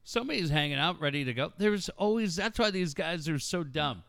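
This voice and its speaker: A man with a bright, cutting voice runs a casual talk show, crude and mocking as he jokes. His voice sits a little high for a man. The sound is dry and close, with no room around it. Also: animated, a little fast, vocal fry, dry recording. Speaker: co-host. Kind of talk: casual profane banter.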